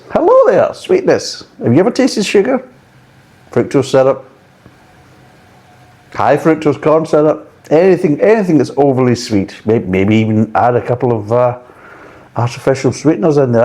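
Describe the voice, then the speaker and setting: A man's voice: fairly low pitch, dark tone. A man reviewing a beer in a blunt, exasperated way, swearing freely.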